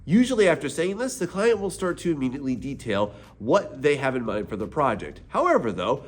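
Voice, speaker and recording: A man's voice: mid-range voice, big pitch swings, fairly quick. A man teaching art sales as a mentor, talking casually and energetically straight to the viewer. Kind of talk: direct-to-camera teaching video.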